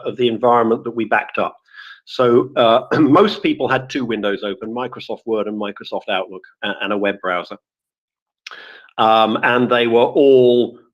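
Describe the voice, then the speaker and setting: A man chats casually in a live online audio room, wandering through his points, stopping to correct himself and filling pauses as he goes. He has a mid-range voice of ordinary pitch. His audio comes through a dull, lo-fi stream. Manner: rambling, self-correcting, with many fillers. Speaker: guest speaker, former office IT support. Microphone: computer or phone mic in a live audio room.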